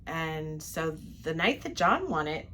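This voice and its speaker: Crowd noise sits behind a low-pitched, sing-song woman's voice that runs a little slow. An older travel-vlog co-host, she describes her day from a ship cabin in a casual, chatty recap, storytelling in detail and laughing frequently.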